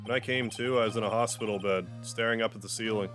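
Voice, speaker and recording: A man voicing a haunted young prosecutor in a game, speaking in a grave, measured way. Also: fairly low pitch, fairly even intonation, music in the background, lightly acted.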